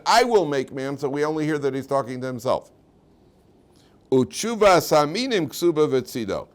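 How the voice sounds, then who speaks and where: An older man, a rabbi, teaching a Torah class. He reads out Hebrew quotes and explains them in English with lively, conversational asides. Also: mid-range voice.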